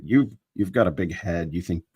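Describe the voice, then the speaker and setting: A man's voice: low voice, animated, normal speed, a little mellow, husky, no echo. A man hosting a live chat stream, talking in a meandering casual monologue that often breaks off and restarts, holding a microphone he moves around. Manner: meandering, self-interrupting, restarts sentences. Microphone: handheld microphone he moves around.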